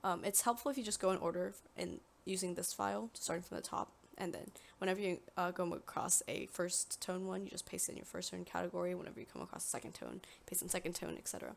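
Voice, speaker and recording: A young woman giving a step-by-step software tutorial, with frequent "um" fillers. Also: fairly low pitch, quick pace, creaky, hardly any pauses. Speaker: tutorial presenter. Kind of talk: screen-recorded software tutorial. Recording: faint background noise.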